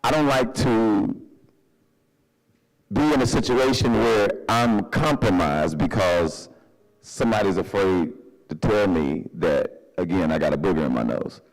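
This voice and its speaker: A man preaching a sermon in a church, animated and humorous, calling for responses from the congregation. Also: low voice, unhurried. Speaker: pastor. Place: church sanctuary.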